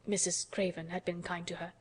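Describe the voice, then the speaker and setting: A woman reading an audiobook, voicing a weary, grieving middle-aged gentleman who speaks slowly and quietly. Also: on the low side, little pitch movement, breathy edge. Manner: slow, subdued, tired.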